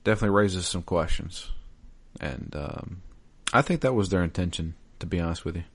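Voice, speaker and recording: A man co-hosting a podcast in casual chat, reading a listener's message aloud in a relaxed, slightly hesitant way. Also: low voice, a little fast, breathy edge. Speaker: podcast co-host.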